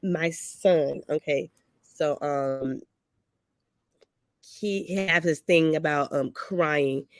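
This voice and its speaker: A woman on a discussion panel, telling a story about her son in a casual, lively way. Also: sits low, slow, pauses often. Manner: storytelling, animated when quoting herself. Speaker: panel guest, mother.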